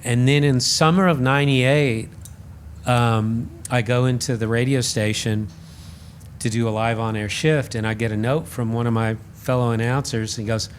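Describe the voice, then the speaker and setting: A man guest on a podcast, telling a story in a casual, animated and self-deprecating way, acting out the voices he quotes. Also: mid-range voice, moderate pace, a little hiss or hum. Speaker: podcast guest, radio host.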